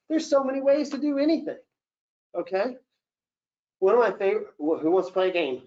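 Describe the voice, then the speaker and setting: Animated casting director man coaching actors. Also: high voice, fairly quick. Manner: animated, coaching, acts out example lines. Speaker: casting director leading an acting Q&A. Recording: dull lo-fi session recording.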